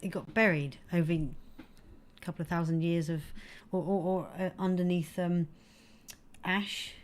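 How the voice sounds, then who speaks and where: A woman's voice: fairly low pitch, fairly even intonation, normal speed. A woman co-hosting a comic chat show, reading viewer comments and dropping in dry, brief remarks. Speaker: co-host.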